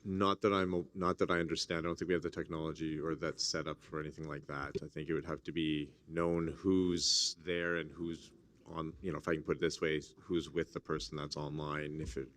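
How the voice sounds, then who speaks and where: A man with a deep, low voice chairs a formal assembly. He talks in a measured, hesitant way, filling pauses as he explains procedure. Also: flat delivery, a bit bright. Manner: measured, hesitant with many fillers. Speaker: meeting chair.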